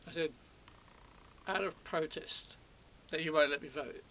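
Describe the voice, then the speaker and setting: A man's voice: on the high side, a little slow. A man telling a rambling personal story to camera, still worked up on adrenaline and quoting others as he goes, with lots of repeats and restarts. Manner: repetitive, restarts often, quotes others. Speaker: vlogger. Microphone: camera or phone mic. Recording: lo-fi audio with faint hiss.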